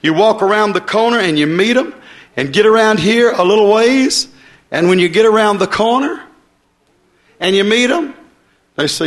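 Guy preaching, high voice, folksy, gets worked up then goes quiet. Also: moderate pace, pauses often. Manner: folksy and excitable, swinging between loud bursts and soft asides. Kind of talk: sermon.

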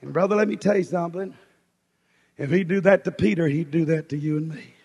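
A man preaching a fiery revival sermon, shouting in rhythmic repeated phrases that swell and drop. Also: a little high, brisk, vocal fry, husky. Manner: shouting, rhythmic repetition, rising and falling in bursts. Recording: long reverberant hall.

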